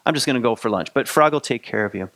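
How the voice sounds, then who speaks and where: A man's voice: medium pitch, lively intonation, quick pace, a bit bright, dry recording. A man voicing a knowing male raccoon who guides a mouse in a spoken folktale, casual and easygoing.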